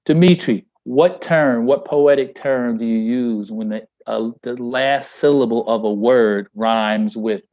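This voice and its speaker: A man's voice: mid-range voice, measured pace, hardly any pauses, no echo, highs cut off. A man teaching a poetry workshop on a video call. He speaks emphatically and rhythmically, stretching key phrases and often checking in with "all right?".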